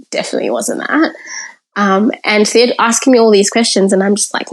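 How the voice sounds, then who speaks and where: A woman's voice: a little high, fairly even intonation, moderate pace, pauses often, rough recording. A woman, a podcast guest frankly recounting her childhood in the present tense. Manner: candid, frank, tells the story in present tense. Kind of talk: personal storytelling in conversation.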